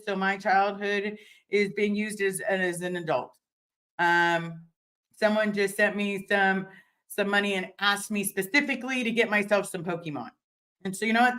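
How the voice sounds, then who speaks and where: A woman's voice: mid-range voice, a bit bright. Chatty candid woman streaming from home. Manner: candid and chatty, swearing, many fillers and restarts. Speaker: livestream host answering viewer comments. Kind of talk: casual livestream chat.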